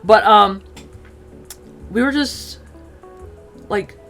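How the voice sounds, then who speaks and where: A woman chatting casually as she tells a personal story, full of fillers, acting out quotes in an animated way. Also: medium pitch, drawn-out words, soft background music. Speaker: streamer telling a personal story.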